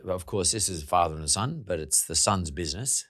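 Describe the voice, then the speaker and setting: A man's voice: low voice, lively intonation, moderate pace, fairly bright tone. A man hosting a podcast, chatting casually with his guests, laughing and swearing offhandedly. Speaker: podcast host. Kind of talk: casual interview.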